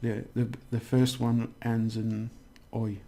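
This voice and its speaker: A man's voice: mid-range voice, level tone, slow, dark tone. A man giving a casual language lesson, chatty and rambling with many restarts. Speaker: language teacher.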